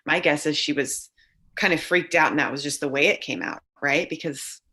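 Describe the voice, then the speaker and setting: Female podcast host, deep and bright-toned, affirming. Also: normal speed. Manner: affirming, encouraging. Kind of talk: conversational interview.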